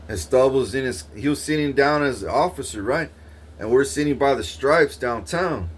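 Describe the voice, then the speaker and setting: A man's voice: mid-range voice, expressive, moderate pace, husky. Rambling, profane man. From Corpus Christi, Texas. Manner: rambling, profane street talk with frequent restarts. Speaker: vlogger. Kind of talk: casual monologue recounting a dream.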